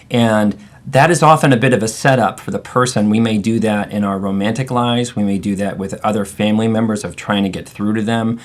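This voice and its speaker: A man hosting, explaining trauma patterns in a thoughtful, searching way after a role-play. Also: lowish voice. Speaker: therapist and host. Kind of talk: reflective teaching talk.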